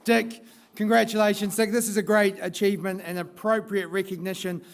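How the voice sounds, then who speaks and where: A man's voice: high voice, flat delivery, creaky. A man stands at an awards ceremony telling a personal story in tribute. He halts often, filling the gaps as he goes. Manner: halting, with frequent fillers. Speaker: presenter of the award.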